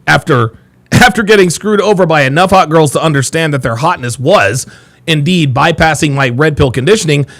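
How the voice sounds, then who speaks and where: A man hosting a live stream, addressing his male audience in an emphatic monologue. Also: a little high. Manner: animated, emphatic delivery to an audience. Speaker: host.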